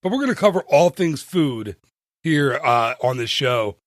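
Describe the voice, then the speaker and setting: A man co-hosting a podcast in casual chat, excitable, laughing often and reeling off numbers. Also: medium pitch, unhurried, no echo, studio quality. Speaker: podcast co-host.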